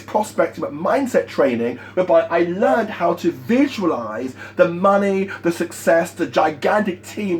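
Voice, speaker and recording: A man giving a motivational sales training talk, emphatic and energetic, repeating his key points. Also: high voice, a little hiss or hum.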